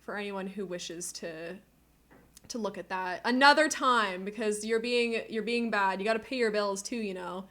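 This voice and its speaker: Talking into a cheap desk mic at home, a woman streamer gushes to her viewers in casual live-stream chat, laughing a lot and nearly crying. She speaks at a normal speed in a medium-pitched, fairly bright voice.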